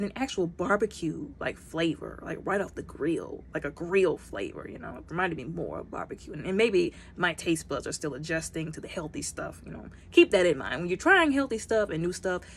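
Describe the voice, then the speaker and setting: Chatty, fast-talking woman reviewer. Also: on the low side, fairly bright tone. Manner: chatty, rambling, repeats "like I said"; talks fast. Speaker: snack reviewer. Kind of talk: casual product review.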